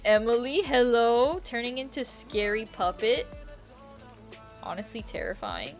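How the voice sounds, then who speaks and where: A woman's voice: a little high, sing-song, unhurried, faint music behind. A young woman streaming a game, chatting casually, giggling often, with slang and swearing. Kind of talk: casual chat while gaming.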